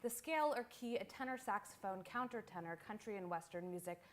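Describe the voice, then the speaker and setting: A woman poet giving a live poetry reading in a small venue, reciting in a measured, incantatory, list-like way. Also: mid-range voice, slight background noise.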